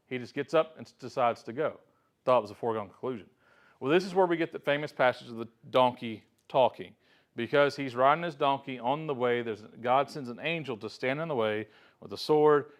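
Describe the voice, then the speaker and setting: A man leading a church Bible study, speaking at a mid-range pitch. He retells the scripture in a relaxed, conversational way and slips into short acted-out quotes. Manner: conversational storytelling, acting out quotes. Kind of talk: informal Bible lesson.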